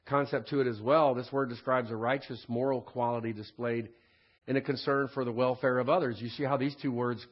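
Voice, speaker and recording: A man teaches a Bible lesson in a relaxed, conversational way, often checking in with a quick "right?" and stopping to clear his throat. His voice sits at an ordinary pitch. The recording sounds a little dull and lo-fi. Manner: frequent throat clearing and restarts.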